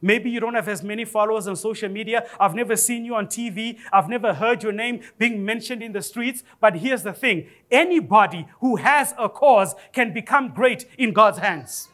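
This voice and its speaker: High-voiced preacher man, animated. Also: normal speed, few pauses. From Africa. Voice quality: high-pitched voice. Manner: animated preaching with rising exclamations and humor. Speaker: pastor. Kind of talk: sermon. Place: church.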